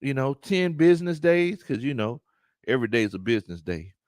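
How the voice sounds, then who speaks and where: A man hosting a live sports talk stream, animated, laughing often and greeting his chat. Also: medium pitch, fairly quick, dry recording, clean studio sound. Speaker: sports talk show host.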